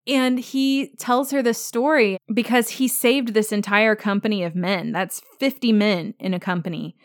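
A woman's voice: mid-range voice, normal speed, dry recording, studio quality. A woman hosting a podcast, chatting casually about a TV episode, laughing often and acting out the characters' lines. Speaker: podcast host.

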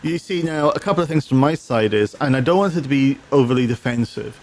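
A man's voice: mid-range voice, quick pace. A man co-hosting a casual gaming chat, reading viewer comments aloud and often restarting his sentences with repeated words.

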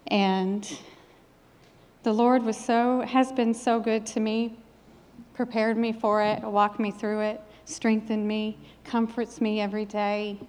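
A woman's voice: fairly high pitch, little pitch movement, slow pace, darkish tone, clear, resonant tone. Earnest woman preaching in an echoing hall. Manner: earnest, emphatic preaching cadence. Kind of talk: sermon with personal testimony. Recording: long hall reverb.

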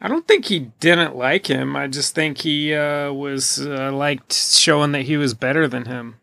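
A man's voice: on the high side, a little slow, creaky, pushed and bright, dry recording, clean studio sound. A man co-hosting a podcast, chatting casually and arguing his points with easy laughter. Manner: casual, argumentative, laughs easily. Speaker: podcast co-host. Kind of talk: casual chat.

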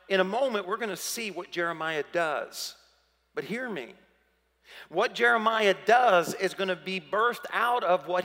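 A high-pitched, pushed, bright male voice rings through a reverberant hall during a sermon. The pastor is emphatic and dramatic, acting out how the biblical figures in his story would speak.

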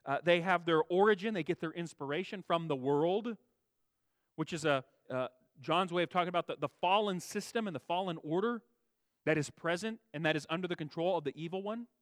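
A man preaching a sermon, stressing key words with a raised voice and dropping to quiet low asides, restating phrases for emphasis. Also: a little fast, dry recording. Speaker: pastor.

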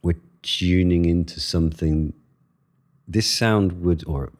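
A man, an actor, giving thoughtful, expressive answers in an interview, speaking in quick bursts between pauses. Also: low-pitched. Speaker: actor and guest.

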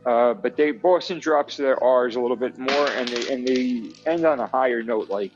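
Apresentador com sotaque de Nova Jersey, fala solta e arrastada, cheia de hesitações, com música leve ao fundo. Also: male voice, medium pitch, normal speed, lo-fi sound, music in the background. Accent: New Jersey. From New Jersey. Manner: rambling, filler-heavy, easygoing. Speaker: podcast host. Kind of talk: casual chat.

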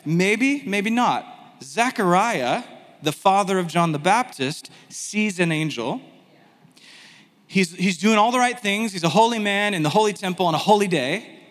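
A man teaching a sermon in a conversational, animated way, with self-deprecating asides. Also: sits high, unhurried, long reverb tail. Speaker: pastor.

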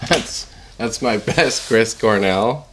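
A man's voice: lowish voice, takes it slowly, fairly bright tone, a little hiss or hum. A man co-hosting a casual comedy chat, laughing often and trailing off mid-thought. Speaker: podcast co-host.

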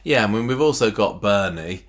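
A man with a very low voice co-hosting a casual podcast. He makes dry, laid-back remarks and often restarts his sentences. His delivery is relaxed and conversational. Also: normal speed. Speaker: podcast co-host. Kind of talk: casual chat.

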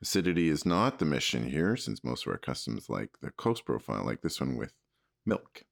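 A man with a very deep, gravelly voice chats loosely on a podcast. His pitch swings widely as he talks. He trades dad jokes in an easygoing, chatty way. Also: big pitch swings, a little fast, no room sound, clean studio sound. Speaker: podcast co-host. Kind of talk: casual chat.

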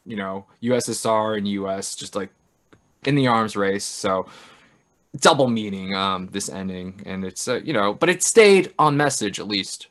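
A man's voice: fairly low pitch, expressive, normal speed, a bit bright. Loose, swearing man recapping a film. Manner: loose and profane, acts out characters' lines. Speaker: podcast co-host. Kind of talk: casual film recap chat.

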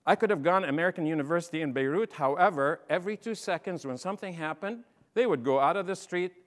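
Middle-aged man, animated, humorous keynote speaker; long reverb of a large hall. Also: a little high, fast. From Lebanon. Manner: animated, humorous, acts out dialogue. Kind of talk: storytelling talk to an audience.

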